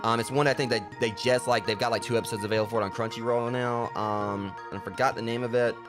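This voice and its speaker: Fast, rambling gamer guy. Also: mid-range voice, steady tone, music in the background. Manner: rambling, filler-heavy. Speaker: let's play host. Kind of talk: casual gameplay commentary.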